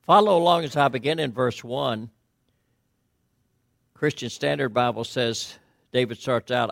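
A man's voice: mid-range voice, unhurried, gravelly, pauses often, no room sound, studio quality. A man preaching a conversational sermon, talking with frequent restarts and rhetorical questions. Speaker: pastor.

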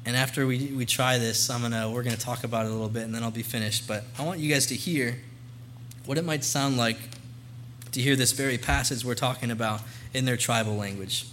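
A young man addresses a church congregation as a visiting missionary, speaking earnestly and conversationally into a handheld or stand mic. His medium-pitched voice is fairly bright, a little fast and fairly even in intonation, with slight background noise.

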